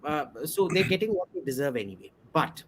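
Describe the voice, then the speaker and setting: A man's voice: on the high side, big pitch swings, fairly quick, slight background noise. A man appearing as a podcast guest, giving blunt, opinionated commentary and repeating words for emphasis.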